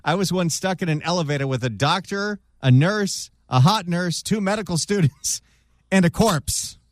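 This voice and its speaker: A man's voice: high-pitched, expressive, moderate pace, no room sound, studio quality. A man co-hosting a radio talk show, reading listener emails aloud with wry, casual banter.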